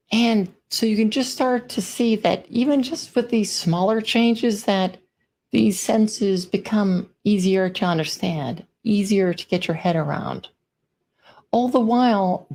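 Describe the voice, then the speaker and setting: A woman speaking at an unhurried pace, taking her time over each point. She gives a friendly, informal conference talk with example sentences. Her pitch sits in the middle of the range. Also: a little mellow. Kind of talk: presentation talk on writing.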